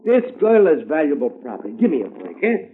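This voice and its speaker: A pushy brash talent agent. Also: male voice, a little high, wildly swooping pitch, a little fast. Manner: brash slangy New York patter. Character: pushy fast-talking male talent agent. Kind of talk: 1950s radio drama acting. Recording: tinny old radio broadcast.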